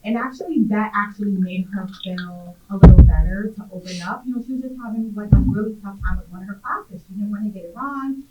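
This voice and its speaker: A woman's voice: mid-range voice, fast, hardly any pauses, loud music behind the voice. A middle-aged woman, a mother on a panel, tells a personal story in a heartfelt way with frequent ums and likes. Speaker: parent panelist. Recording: echoey, tinny, distant, faint hiss.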